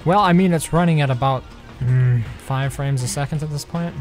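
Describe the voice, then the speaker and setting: A man's voice: mid-range voice, normal speed. A man streaming a game with friends, chatting casually and joking wryly about the lag. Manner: laid-back, wry about the lag. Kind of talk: casual gaming chat. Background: game music.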